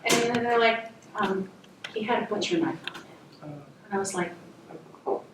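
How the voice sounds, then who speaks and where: A woman storyteller at an open mic, telling a personal story with animated delivery, acting out voices and laughing often. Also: medium pitch, normal speed, background noise. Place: university lounge before a live audience. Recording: echoey room recorded from far off.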